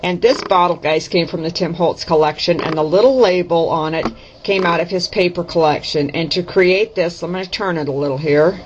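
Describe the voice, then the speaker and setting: A woman's voice: lowish voice, fairly quick, hardly any pauses, background noise. Chatty woman demoing crafts, lo-fi audio. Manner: chatty, self-correcting, folksy. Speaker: craft vlogger. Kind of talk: casual craft demo to camera. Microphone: camera mic. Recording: dull lo-fi camera audio.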